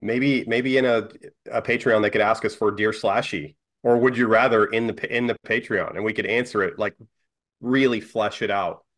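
A man's voice: lowish voice, steady tone, moderate pace, a bit bright. A man co-hosting a casual horror podcast, blunt and profane, reading viewer comments and getting heated. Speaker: co-host.

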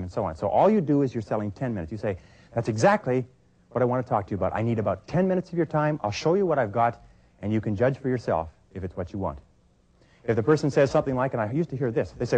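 A man's voice: medium pitch, animated, racing, a little mellow. A middle-aged man giving a sales training talk, coaching emphatically and acting out both sides of phone calls.

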